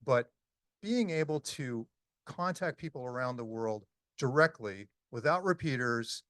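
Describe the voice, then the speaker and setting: A man's voice: medium pitch, expressive, measured pace, fairly bright tone, no echo, clean studio sound. A man in his sixties giving a casual, story-driven presentation to an audience, with frequent ums and uhs. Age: 60s. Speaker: conference speaker. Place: meeting hall talk.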